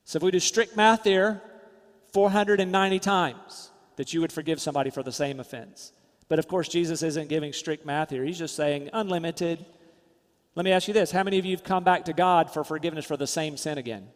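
A man preaching a sermon as pastor, emphatic, rising loud then dropping to quiet, soft asides. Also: fairly high pitch, fairly quick, long reverb tail.

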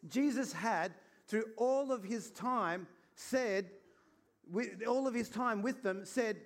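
High-voiced earnest preacher. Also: male voice, a little slow. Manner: earnest, conversational preaching with acted-out asides. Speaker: pastor. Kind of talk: Easter sermon.

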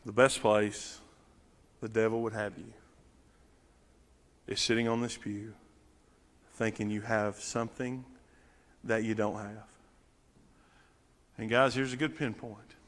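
A man preaching a sermon as pastor in a church sanctuary, swinging from shouting to a quiet, intimate near-whisper. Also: on the low side, little pitch movement, slow pace, pauses often, in a large hall.

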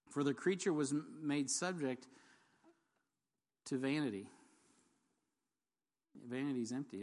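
A man preaching a sermon in a conversational, jokey way, asking the congregation questions and reading scripture aloud. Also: medium pitch. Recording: long hall reverb.

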